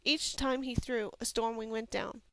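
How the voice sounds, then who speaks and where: A woman reading a fantasy novel aloud as a steady, even storyteller from a home recording. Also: fairly high pitch, moderate pace, a little hiss or hum. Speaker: audiobook reader. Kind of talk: scripted fantasy novel narration.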